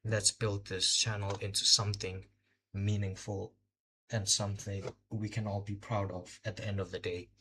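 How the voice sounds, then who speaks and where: Hosting a casual live race watch-along, a tired, under-slept young man from Botswana speaks in a lowish, level, sharp voice at a moderate pace, with a little hiss or hum. Of Indian heritage and a Hindi speaker by first language, he's hesitant and leans on fillers as he fumbles for words.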